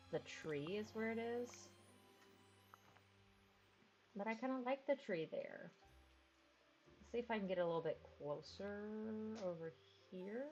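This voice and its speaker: A woman streaming a video game in casual chat, rambling about decorating and cooing to her dogs. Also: fairly low pitch. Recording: dull lo-fi stream audio with game music.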